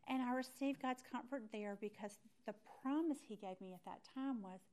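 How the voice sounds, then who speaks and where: A middle-aged woman leads a Bible study, weaving a personal story into her teaching. Her voice sits a little high, and she tells the story in an animated way, acting out her own thoughts. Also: normal speed.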